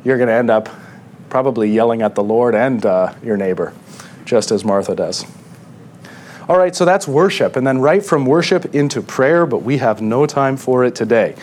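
A man's voice: medium pitch, expressive, normal speed, darkish tone, slight background noise. A male pastor giving a sermon in a conversational way, often checking in with the congregation with questions.

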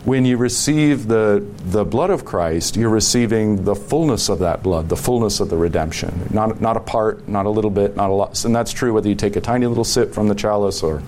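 A man's voice: on the low side, a little fast, few pauses, darkish tone, a little hiss or hum. A man, a pastor giving long, thoughtful answers in a casual podcast chat, with frequent chuckles. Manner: thoughtful, rambling, chuckling often.

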